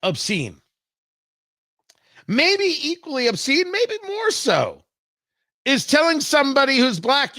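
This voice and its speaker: A talk show host with a fairly high, bright voice delivers combative, emphatic commentary. His pitch swings widely as he presses his points. The sound is close and dry. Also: wildly swooping pitch, slow, pauses often, no echo.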